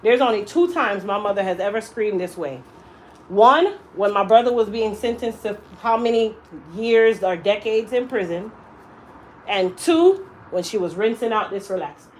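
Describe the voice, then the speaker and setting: Animated woman telling a salon story. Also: a little high, rough recording. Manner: animated, emphatic storyteller who acts out quotes. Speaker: hairstylist, salon owner. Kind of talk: casual storytelling to a client. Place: hair salon.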